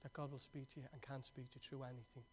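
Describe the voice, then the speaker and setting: A man preaching a sermon, moving from lively, laughing stories to quiet, urgent exhortation. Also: mid-range voice, fast talker, a little hiss or hum. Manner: swings from excited, laughing storytelling to hushed, urgent exhortation.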